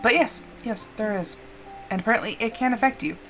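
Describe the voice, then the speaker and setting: A woman's voice: a little high, a little fast, a bit bright, soft background music. A woman livestreaming a game, telling a rambling story in casual chat with lots of fillers and playful drama. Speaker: livestreamer playing a farming game. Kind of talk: casual chat while gaming.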